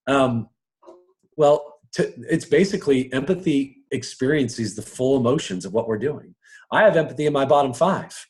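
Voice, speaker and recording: A man gives a casual live talk to an audience, coaching them on personal strengths. He chuckles often and drops into quick voices, speaking at a medium pitch with a slightly mellow quality.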